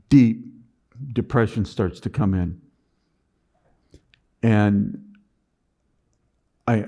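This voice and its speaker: A middle-aged man speaking at a conference, telling a personal business story and acting out his past self in an animated way. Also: medium pitch.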